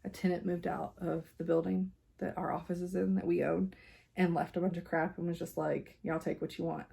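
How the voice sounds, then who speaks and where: A woman's voice: on the low side, flat delivery, brisk, creaky, dark tone, slightly rough. A woman, chatting casually as a cross-stitch vlogger at her home craft desk, rambling with lots of fillers and laughs.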